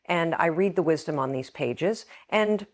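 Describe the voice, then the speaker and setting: A woman's voice: low voice, lively intonation, a little slow. A middle-aged woman hosting a podcast, talking earnestly and with emotion about something that moves her. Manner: earnest, emotional, reads passages aloud. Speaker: podcast host. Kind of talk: heartfelt podcast monologue.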